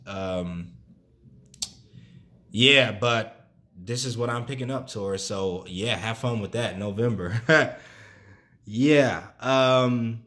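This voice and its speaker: A man's voice: fairly low pitch, slow pace, long pauses, a bit bright. A young man giving a casual, chatty tarot reading, loose and full of fillers and asides. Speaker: tarot reader.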